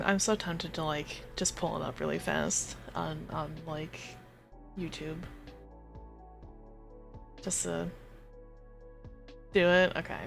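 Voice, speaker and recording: Woman, live game streamer, unhurried, laughs a lot, faint background music. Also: low voice, vocal fry. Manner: giggly, excitable, swearing, talking to chat. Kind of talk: casual live-stream chat.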